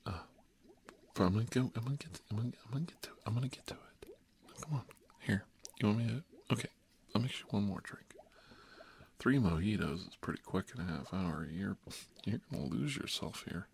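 A man telling a rambling comic story in an animated, wry way, with hushed, whispery asides and many repeated words. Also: on the low side, a little fast, vocal fry, pauses often. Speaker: comedic monologist.

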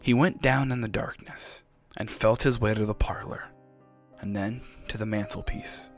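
A man's voice: on the low side, steady tone, normal speed, soft background music. A man narrating a story in a tense reading. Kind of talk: audiobook narration.

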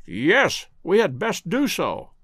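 Brilliant male detective, brisk and eager, read by a man; lively, higher voice. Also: husky, no echo, studio quality, full character voice. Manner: brisk, reasoning aloud.

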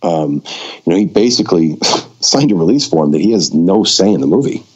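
A man, a filmmaker, telling a long anecdote in a casual conversation and acting out the dialogue with lively shifts in his voice. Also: low-pitched, fairly quick. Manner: animated storyteller who acts out quoted dialogue; frequent fillers and restarts. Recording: dull lo-fi recording.

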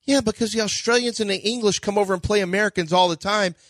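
High bright guy doing fake-outraged radio banter, dry studio sound. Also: fast, no echo. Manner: mock-outraged, ranting in jest. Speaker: sports radio co-host.

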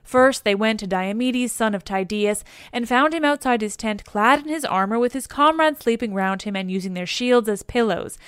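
A woman reading an epic poem aloud as scripted narration, in a measured, steady way. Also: a little high, clear, resonant tone, no echo, clean studio sound. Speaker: audiobook reader.

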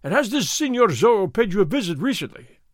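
Brief: narrator doing a swaggering army sergeant, loud and pushy, voice swinging up and down. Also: male voice, high voice, sing-song, fast, no echo, studio quality, pitched above the performer's own voice. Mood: bullying. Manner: loud, blustering, threatening. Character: blustering male soldier sergeant, loud and bullying. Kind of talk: audiobook character reading.

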